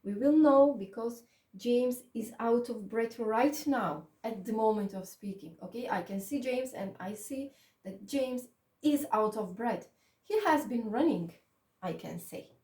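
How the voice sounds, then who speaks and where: A woman's voice: fairly high pitch, mellow. A woman teaching an English grammar lesson with small non-native slips, checking often with "okay?" in a patient manner. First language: Macedonian. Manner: slow, patient, repeats "okay?" to check understanding. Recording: echoey room, mic at a distance.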